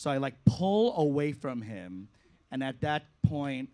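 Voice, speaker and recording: A man doing a stand-up comedy set in a club, telling a story with animated delivery, acting out his own reactions and laughing through lines. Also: medium pitch, measured pace.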